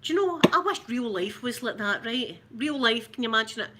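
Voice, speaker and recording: A woman's voice: fairly high pitch, lively intonation, fairly quick, heavy background noise. A middle-aged Scottish woman hosting a livestream, chatting in a rambling way and greeting viewers by name. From Scotland. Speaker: ASMR livestream host. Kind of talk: casual livestream chat.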